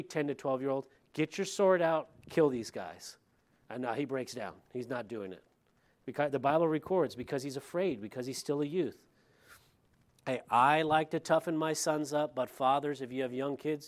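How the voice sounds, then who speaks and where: A man, a middle-aged pastor, preaching a verse-by-verse sermon in a conversational way, with lively retelling and asides to the congregation. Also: mid-range voice. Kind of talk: expository sermon.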